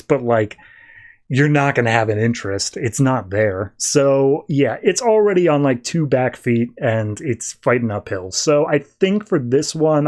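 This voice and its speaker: A man hosting a podcast, casually recapping a comic issue and tossing off quick voiced lines for the characters. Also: mid-range voice, darkish tone. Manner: loose, chatty retelling with quick voiced asides. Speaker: podcast host reviewing comics.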